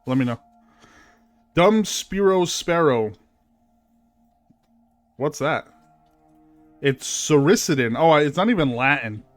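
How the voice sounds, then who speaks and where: Speaking slowly and expressively in a voice on the high side, this man streams a video game with frequent pauses. The recording is dry with faint music behind, and he chats casually with fillers while reading in-game text aloud.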